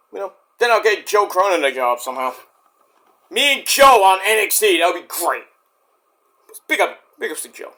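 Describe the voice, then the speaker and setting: A male wrestling vlogger rants in a rambling, animated way, breaking into sudden shouts. His voice is bright and fairly high, and it swings widely in pitch. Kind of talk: casual ranting review.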